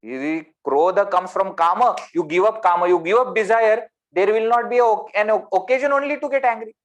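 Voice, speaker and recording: A man with an Indian English accent giving a spiritual discourse over a video call, animated and full of rhetorical questions. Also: high voice, moderate pace. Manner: animated, rhetorical questions, swings between loud and soft. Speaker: spiritual teacher.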